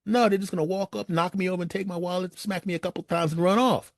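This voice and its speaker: A man telling a personal story as a monologue, animated and acting out his friends' lines. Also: quick pace, no room sound, clean studio sound. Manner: animated, acts out friends' lines in raised pitch.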